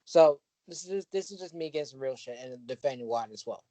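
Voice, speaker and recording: Male podcast co-host, earnest and impassioned, mid-pitched and dry. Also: expressive, fairly quick, mellow, no room sound, rough recording. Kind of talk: casual podcast chat.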